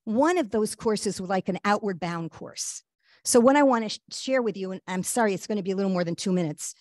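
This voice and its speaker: A woman guest telling a personal story in an earnest, halting way, with frequent fillers and restarts. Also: mid-range voice, darkish tone, no room sound, studio quality. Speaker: guest speaker.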